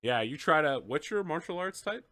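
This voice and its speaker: Man running a tabletop game, bright voice. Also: a little high, expressive, normal speed, no room sound. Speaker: game master.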